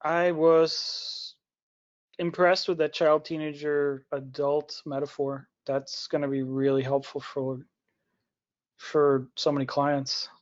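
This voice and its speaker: A man's voice: a little high, level tone, takes it slowly. A man calling in to ask a polite question on a video call. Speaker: caller. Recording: muffled call audio.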